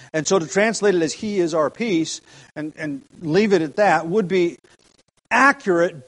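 A man preaching an expository sermon, halting with repeated words and fillers, growing more emphatic as he goes. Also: sits high. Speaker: pastor.

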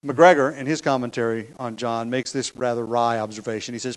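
A man's voice: mid-range voice, steady tone, a little fast, few pauses, low-quality recording. A man preaching an expository sermon, explaining a text with emphasis, occasional fillers and light chuckles.

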